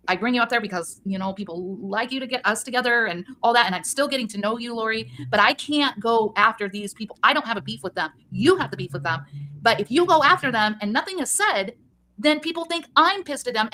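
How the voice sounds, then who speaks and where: A woman's voice: a little high, lively intonation, fairly quick, pushed and bright, a little hiss or hum. A woman on a livestream chat, earnestly backing up the host's account.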